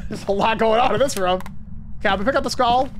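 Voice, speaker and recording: Guy streaming a horror game with a buddy, talks quick, teases a lot, faint noise behind. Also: very high voice. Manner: teasing, quick and animated. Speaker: gaming streamer. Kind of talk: casual co-op game chat.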